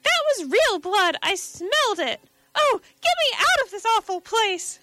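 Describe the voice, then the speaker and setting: A woman's voice: very animated, measured pace, pushed and bright, soft background music, heavily acted. A woman voicing a hysterical young woman crying out in panic from a crowd, in a storybook reading. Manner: shrill, frantic crying out.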